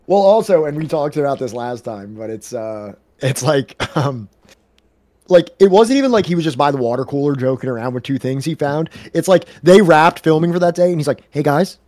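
A man's voice: on the high side, lively intonation, fairly quick, a little mellow, dry recording. A man co-hosting a reading stream, chatting casually with lots of fillers and restarts. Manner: rambling, many fillers and restarts. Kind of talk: casual chat.

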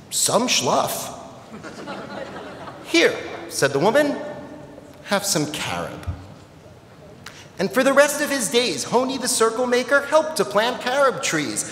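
A high-pitched man addresses the audience playfully while telling a children's story at a temple service, his delivery lively throughout. The recording, made in the temple sanctuary, carries slight background noise and the long reverb of an echoey hall.

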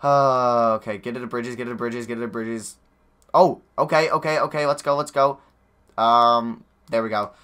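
A young man giving nervous, excitable live commentary over a basketball video game, talking to his players on screen, his voice going hoarse. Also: medium pitch, moderate pace. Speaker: gaming YouTuber.

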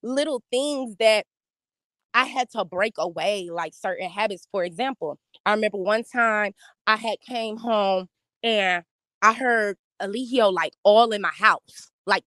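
A woman telling a story in casual live-stream chat, animated and profane, acting out what others said. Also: medium pitch, unhurried, dry recording, studio quality. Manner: animated, profane, acts out quoted speech. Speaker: guest recounting hosting cult members.

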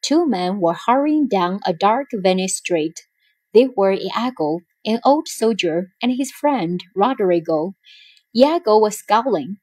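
A woman narrating a children's storybook in a slow, clear reading style. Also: medium pitch, expressive, darkish tone, no room sound.

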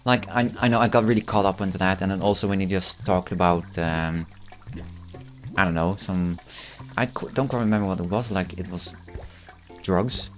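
A teenage boy with a lowish voice rambles through casual gameplay commentary, amused at his own jokes. He stumbles over fillers and restarts his sentences as he goes. Game music plays faintly behind him. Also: normal speed. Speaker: channel host.

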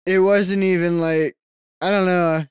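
A man's voice: high-pitched, little pitch movement, a little slow, clean tone, dry recording. A young man co-hosting a casual movie podcast, laid-back with dry one-liners. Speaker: podcast co-host. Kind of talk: casual movie-watching chat.

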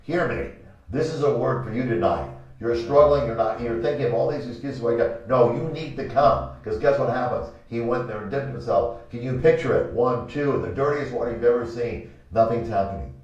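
A man hosting a pastoral talk show, telling a Bible story in an animated way and acting out the quotes. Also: mid-range voice, moderate pace. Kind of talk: preaching talk-show chat. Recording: echoey room, mic from a distance, dull sound.

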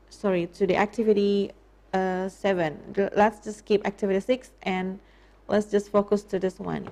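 A woman with an Indonesian accent teaching an English lesson in a live online class, patient and explaining slowly with many repeats. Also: mid-range voice, vocal fry, dark tone.

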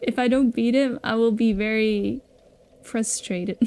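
While playing on a live stream, a woman talks easily with her audience, laughing frequently. She speaks slowly in a higher voice that sounds darkish yet clean.

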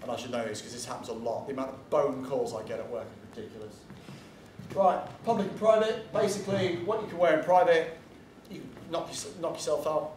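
A man's voice: fairly high pitch, a little fast, a little mellow, slight background noise. A man giving a casual convention panel talk, chatty and blunt, drifting into asides and the odd swear word. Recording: echoey room from far off, faint ambience.

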